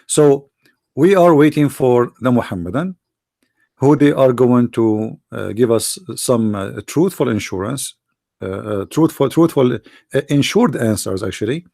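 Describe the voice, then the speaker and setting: A man's voice: medium pitch, measured pace, creaky, mellow, dry recording, clean studio sound. A man with an Arabic accent hosting a live call-in debate stream, asking insistent, challenging questions. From Middle East. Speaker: debate livestream host.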